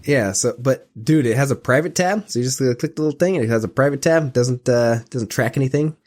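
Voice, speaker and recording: A man's voice: mid-range voice, fairly quick, darkish tone. A man co-hosting a podcast, giving a tip in a hesitant, chuckling way full of ums. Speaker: podcast co-host. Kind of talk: casual chat.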